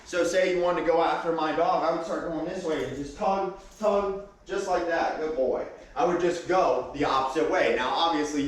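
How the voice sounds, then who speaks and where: A man working as a dog trainer, explaining and demonstrating leash work and commands in a calm, instructive way, with many fillers and restarts. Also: a little high. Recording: very echoey room, mic far off.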